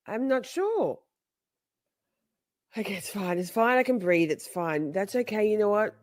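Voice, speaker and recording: Woman comic ranter, pitch leaping around, dry close sound. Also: animated, a little slow, pauses often, no echo. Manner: mock-dramatic, exaggerated outrage. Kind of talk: comedic rant clip.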